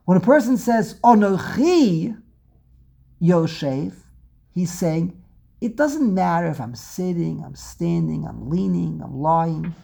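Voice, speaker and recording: Woman teaching a torah class, low mellow voice, kinda husky, repeats herself a lot, asks questions then answers. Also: animated, a little slow. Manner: asks rhetorical questions and repeats words while building a point. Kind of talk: lecture on Hebrew prayer and scripture.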